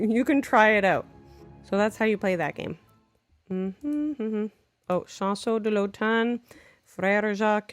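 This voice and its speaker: A woman teacher talks through her classroom games off the cuff, chatty and playful, tossing in little French examples as she goes. Her voice sits at a middle pitch for a woman. Soft music plays faintly behind her. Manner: chatty and playful, with self-teasing asides; jumps into lively French examples while explaining. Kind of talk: unscripted screen walkthrough explaining classroom games.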